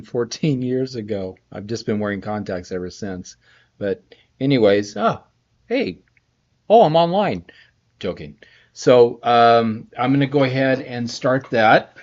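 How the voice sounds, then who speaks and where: Middle-aged guy rambling on a live stream from his home studio, sleepy and yawny, slightly dull lo-fi audio. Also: fairly low pitch. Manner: rambling, friendly, greets viewers by name. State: sleepy, yawning. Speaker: composer streaming a scoring session. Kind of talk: casual live-stream chat. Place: private home production studio.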